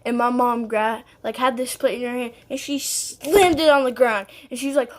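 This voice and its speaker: A young woman vlogs straight to her viewers, telling a story in a loose, rambling way. Her voice sits a little high, and she fills it with "like," "um" and small giggles. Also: steady tone, normal speed, hardly any pauses. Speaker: vlogger. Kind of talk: casual storytelling to camera.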